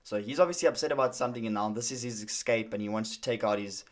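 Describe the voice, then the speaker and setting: A man's voice: lowish voice, fast. A young man in casual conversation, telling a story with frequent fillers and restarts. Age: young adult.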